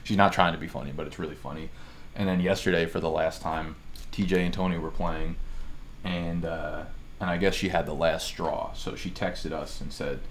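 A man's voice: low-pitched, steady tone, moderate pace, slight background noise. A young man hosting a casual chat, telling stories in a profane, ranting way. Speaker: host.

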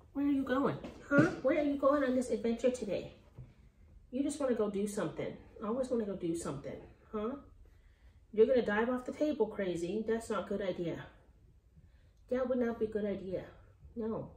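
In an echoey room with a bit of faint noise, a woman from Texas who breeds dogs talks casually for her vlog, using sweet baby talk. Her voice sits at a medium pitch and sounds mellow.

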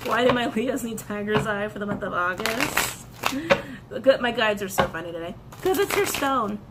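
A woman reading tarot and crystal meanings, animated, repeating her phrases and breaking into excited outbursts. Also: medium pitch, normal speed, heavy background noise. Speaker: tarot reader.

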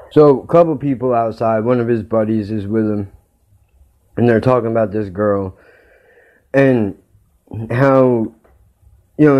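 A man's voice: mid-range voice, dark tone. A man hosting his own podcast, telling a story in a heated rant and swearing constantly. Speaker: podcast host.

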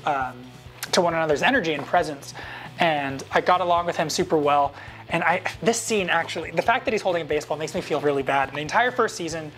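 A man in his thirties casually telling behind-the-scenes stories to camera, animated and acting out quoted lines in a higher voice. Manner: animated, jumps up in pitch to act out quoted lines.

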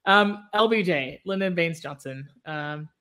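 A woman's voice: fairly low pitch, unhurried, a bit bright. A woman from Texas, co-hosting a podcast in casual chat and laughing easily. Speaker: podcast co-host.

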